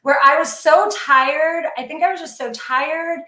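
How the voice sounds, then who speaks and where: High-voiced woman, effusive and emotional. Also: unhurried, pushed and bright, roomy sound. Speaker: guest educator. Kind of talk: casual podcast chat.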